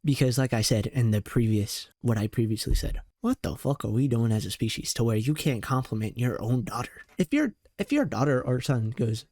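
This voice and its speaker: A man's voice: fairly high pitch, very animated, moderate pace, hardly any pauses, darkish tone, no echo, clean studio sound. A young man in reaction commentary, ranting with exasperated, profane and slangy outbursts. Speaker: commentary host.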